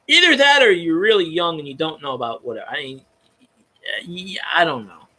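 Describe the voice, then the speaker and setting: A man's voice: fairly high pitch, expressive, a little fast, pushed and bright. A young man in casual sports talk, ranting with profanity and frequent stumbling restarts.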